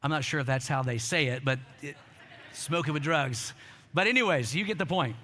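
High, bright-voiced male preacher. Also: animated, fast. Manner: storytelling with quoted voices, call-and-response. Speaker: pastor. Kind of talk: sermon.

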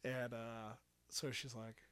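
Bright-voiced man, animated storyteller. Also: medium pitch, slow pace, clean tone. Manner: animated storyteller who acts out quoted dialogue. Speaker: podcast host. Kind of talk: casual chat.

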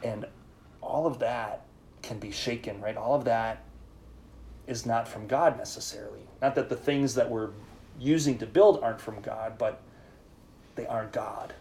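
A priest speaking in a conversational sermon to a live group, leading them in call-and-response. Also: male voice, medium pitch, a little slow, gravelly, long pauses, warm tone, a little hiss or hum. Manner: informal, leads call-and-response with listeners.

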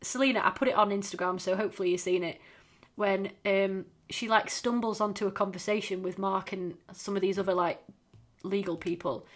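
A woman's voice: medium pitch, fairly even intonation, fairly quick. A woman, chatting casually and swearing freely as a podcast co-host. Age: 30s. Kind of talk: casual chat.

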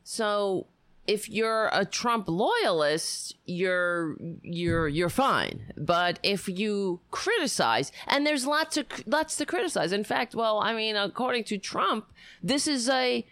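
Woman, political commentary host, sarcastic, indignant, middle pitch, dry close sound. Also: lively intonation, slow pace, fairly bright tone, no echo. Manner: indignant, sarcastic, with many restarts.

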